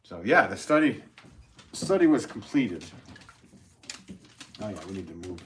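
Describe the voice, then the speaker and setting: Low-voiced man chatting on a live stream. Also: big pitch swings, unhurried, long pauses, noisy background. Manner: rambling, chuckles often while reading comments. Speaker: potter hosting a live stream. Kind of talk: casual live-stream chat with viewers.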